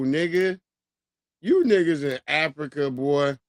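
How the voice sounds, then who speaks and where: A man hosting a livestream, giving loud, profane, mocking reactions in casual commentary. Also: a little high, big pitch swings, slow, dry recording, clean studio sound. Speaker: livestream host.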